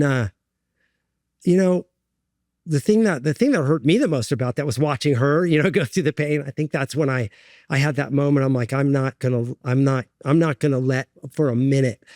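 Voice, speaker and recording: Earnest man telling his story haltingly. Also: mid-range voice, darkish tone, dry recording, studio quality. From United States. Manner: earnest, halting, many fillers and restarts. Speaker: guest. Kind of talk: candid interview storytelling.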